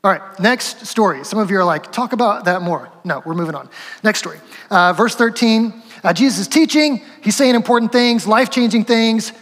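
A man's voice: high voice, normal speed, fairly bright tone, big-room sound. A man preaching a sermon as pastor, conversational and asking the congregation questions.

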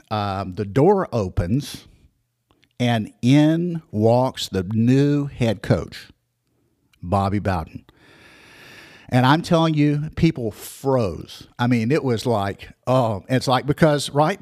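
A man in his sixties telling personal memories for listeners, halting with many restarts and fillers. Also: medium pitch, a little mellow, no echo, clean studio sound.

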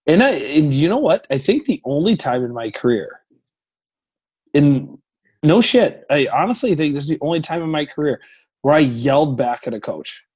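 A man in his thirties, a hockey goaltender, telling stories as a podcast guest in an animated, profane, rambling way. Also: fairly high pitch, moderate pace, husky. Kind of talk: casual podcast storytelling.

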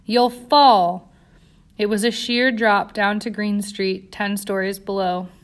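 A woman narrating an audiobook in a steady, dramatic storytelling voice. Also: mid-range voice, unhurried.

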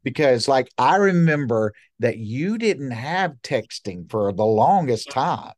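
A man's voice: mid-range voice, big pitch swings, takes it slowly, no echo, studio quality. A man with a Southern US accent, a guest in a casual podcast chat, who often restarts and hunts for words.

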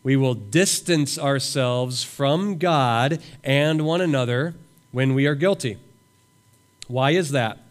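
A man's voice: mid-range voice, slow. Earnest male pastor preaching a sermon. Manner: earnest, reads scripture aloud and voices imagined prayers. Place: camp meeting room.

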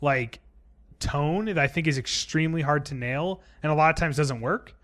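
A young adult man co-hosting a podcast, talking about films in a casual, animated, opinionated way. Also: fairly high pitch, moderate pace. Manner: animated, profane, opinionated film enthusiast. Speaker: podcast co-host. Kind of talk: casual chat.

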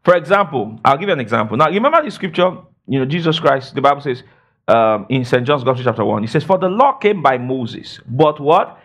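Animated man preaching a Bible lesson. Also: brisk. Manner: call-and-response questions, frequent "praise God" and "all right"; emphatic, swoops between high and low. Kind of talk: sermon, Bible teaching.

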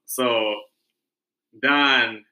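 A man tells a story among friends in a loose, rambling way, often starting his sentences over. His voice has a very bright edge. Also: medium pitch, steady tone, drawn-out words, low-quality recording. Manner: rambling storyteller, many restarts. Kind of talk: casual chat.

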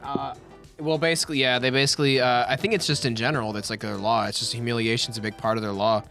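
A man's voice: mid-range voice, flat delivery, fast talker, fairly bright tone, soft background music. A man co-hosting a podcast in casual banter. He swears freely and keeps repeating his own jokes. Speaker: podcast co-host.

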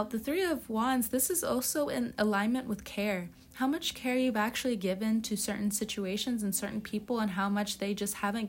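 A woman with a fairly high, youthful-sounding voice reads tarot cards in a loose, casual spoken style. She talks bluntly and swears freely as she hands out tough-love advice. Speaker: tarot reader.

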